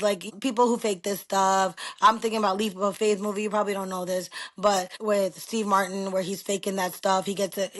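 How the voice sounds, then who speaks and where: Loud New York woman telling stories. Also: mid-range voice. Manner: loud, animated storyteller. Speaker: guest. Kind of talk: casual chat.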